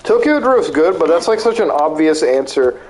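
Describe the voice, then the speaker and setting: A man with a fairly high voice, talking at normal speed, streams a game and chats casually. He rants animatedly and swears plenty.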